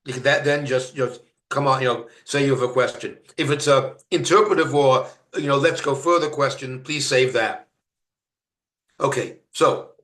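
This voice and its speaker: A man from Canada giving a university lecture, halting with many fillers and restarts and stressing each word of a list. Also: medium pitch, a bit bright, reverberant. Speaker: guest lecturer. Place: lecture room.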